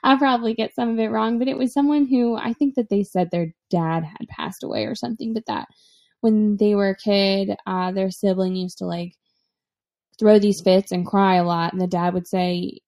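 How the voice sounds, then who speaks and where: A young mother co-hosts a casual parenting podcast, chatting in a relaxed way and laughing often. Her voice is mid-range and her pace moderate.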